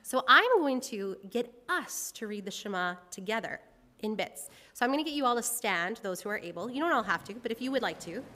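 A woman delivering a sermon in a bright, fairly high voice, her words trailing into a long hall reverb. She speaks earnestly and conversationally, drawing her listeners in. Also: animated, a little fast. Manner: leads congregation in responsive reading, conversational and earnest. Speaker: preacher.

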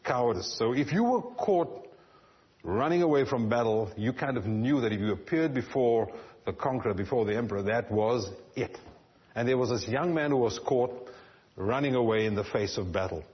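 A man preaching a sermon as a pastor, earnest, his phrases often trailing off softly at the ends. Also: medium pitch, animated, moderate pace, highs cut off.

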